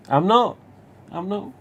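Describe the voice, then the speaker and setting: This live-stream host speaks in a high-pitched voice with a Nottingham English accent, rambling through a casual, sweary story with restarts. He's from England, and there's slight background noise.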